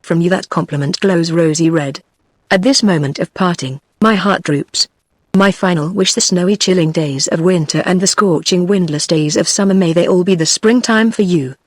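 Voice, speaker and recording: A woman's voice: fairly low pitch, normal speed, no echo, clean studio sound, natural voice. A text-to-speech woman's voice with a British accent reading the lines of a courteous older male detective with ornate, formal phrasing. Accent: British English.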